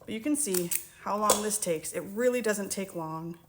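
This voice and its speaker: A woman's voice: mid-range voice, moderate pace, background noise. A woman teaching a cookie recipe in real time, chatting and reassuring viewers as she mixes and scoops in her home kitchen. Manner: chatty, reassuring, talks while working. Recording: kitchen clatter of dishes and utensils.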